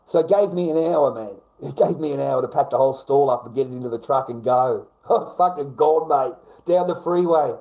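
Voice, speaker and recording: Mellow-voiced Australian man ranting profanely. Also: mid-range voice, fairly quick, few pauses, low-quality recording. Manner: profane, rambling, repeats himself. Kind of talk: casual rant to a live audience.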